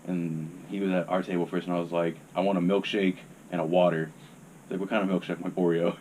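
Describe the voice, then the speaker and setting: Deep-voiced young man telling a story. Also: little pitch movement, fast, darkish tone, slight background noise. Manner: laid-back, swears freely, rambling. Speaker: podcast guest. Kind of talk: casual storytelling.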